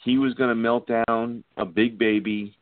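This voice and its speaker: A man's voice: medium pitch, flat delivery, a little slow, slight background noise. A man co-hosting a casual sports talk show who speaks thoughtfully, with fillers. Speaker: podcast co-host. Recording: tinny phone-line sound, dry.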